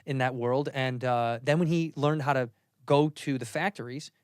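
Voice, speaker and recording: Man, mid-pitched voice, podcast host, casual profane chat, acts out people in his stories. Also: fairly even intonation, normal speed, clear, resonant tone, no echo, clean studio sound. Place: podcast studio. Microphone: studio mic.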